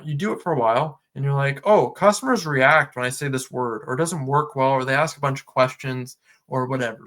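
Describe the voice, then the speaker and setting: A man co-hosting a casual podcast, talking loosely with many fillers and acting out customer conversations. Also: medium pitch. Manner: relaxed, lots of filler words, acts out customer dialogue. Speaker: podcast co-host.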